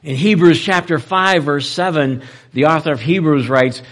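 Man preaching with big swings in loudness. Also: moderate pace. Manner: swings between loud emphatic lines and soft, low-voiced passages. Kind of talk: sermon.

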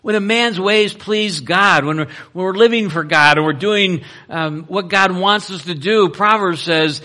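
Bright-voiced man preaching a sermon. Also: high-pitched. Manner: reads verses quickly then slows to explain, with fillers. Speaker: pastor. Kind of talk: sermon reading and explaining scripture.

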